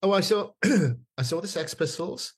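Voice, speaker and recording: A man's voice: high-pitched, steady tone, normal speed, breathy edge. Rambling older man from England. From northeast England. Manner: rambling, hesitant, lots of fillers and restarts. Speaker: guest. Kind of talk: casual storytelling chat.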